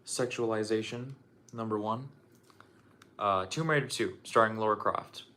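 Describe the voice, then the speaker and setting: At normal speed, a young man with a lowish, pushed and bright voice chats on a livestream about his game collection. He sounds out of breath, swears casually and restarts his sentences a lot.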